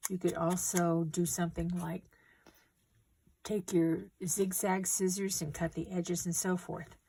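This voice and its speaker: A middle-aged woman calmly walking viewers through a paper craft step by step while she works. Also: lowish voice, breathy edge. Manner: gentle, unhurried instructions while working with hands. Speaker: craft tutorial host.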